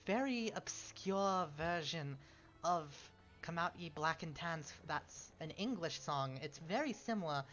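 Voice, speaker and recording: A streamer playing a strategy game chats casually in a high, fairly bright voice, rambling and correcting himself between chuckling asides. The stream audio is slightly dull, with faint game music underneath.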